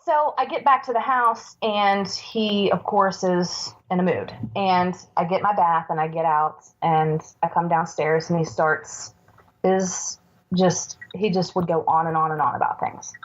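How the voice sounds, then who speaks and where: Low-voiced woman telling her story. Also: steady tone. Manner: earnest, halting, with many restarts. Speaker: podcast guest. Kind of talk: personal storytelling in a podcast interview. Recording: dull lo-fi recording.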